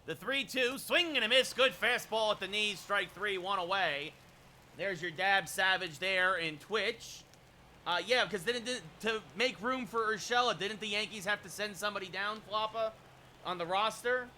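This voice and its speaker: Bright, high-voiced man calling baseball. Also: moderate pace, a little hiss or hum. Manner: chatty, replies to chat between plays; erupts into shouted home-run calls. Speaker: streamer doing play-by-play. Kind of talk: live-stream game commentary.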